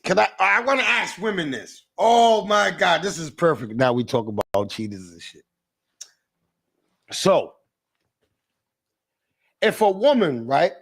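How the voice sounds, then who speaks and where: A man hosting a livestream, ranting in a casual, animated way, repeating himself and mimicking callers. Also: high-pitched, vocal fry. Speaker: livestream host.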